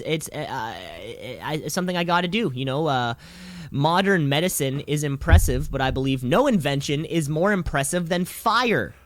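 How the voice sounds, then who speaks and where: A man's voice: a little high, fairly bright tone, no room sound. A young man co-hosting a podcast, chatting casually in a rambling, jokey way and laughing often. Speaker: podcast co-host. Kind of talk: casual chat.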